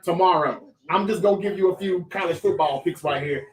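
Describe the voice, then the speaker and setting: A high-pitched man hosts a casual sports talk livestream in an animated, chatty way, talking straight to his viewers. His voice sits a little back from the mic and rings in an echoey room. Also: a little fast, far from the mic, faint music behind. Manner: animated, chatty, reads viewer comments aloud and addresses chat directly.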